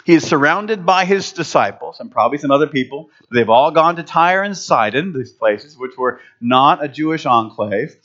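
Middle-aged male pastor; easygoing, story-driven sermon delivery; slightly high pitch; muffled lo-fi recording. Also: expressive, moderate pace, hardly any pauses, a bit bright. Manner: conversational, anecdotal storytelling. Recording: dull lo-fi recording.

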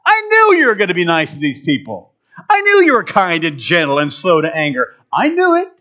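A man's voice: sits high, wildly swooping pitch, fairly quick, bright, forceful tone, muffled recording, exaggerated voice. A man voicing a whiny, sulking male prophet who complains shrilly, in a sermon.

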